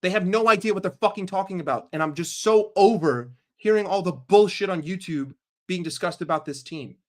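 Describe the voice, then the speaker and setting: A man's voice: high-pitched, brisk. A man hosting a football fan channel, giving a heated, profane and sarcastic rant. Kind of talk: casual ranting commentary.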